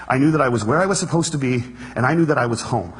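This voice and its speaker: With hall reverb around him, a speaker with a slightly rough, mid-range voice addresses an audience in an earnest stage talk. He tells stories quickly and plays the room for laughs.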